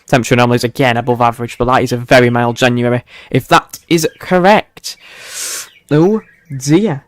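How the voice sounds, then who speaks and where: A man's voice: fairly high pitch, dry recording. Chatty man forecasting weather. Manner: chatty, self-mocking, chuckles often and talks to his viewers. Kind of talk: casual livestream weather forecast.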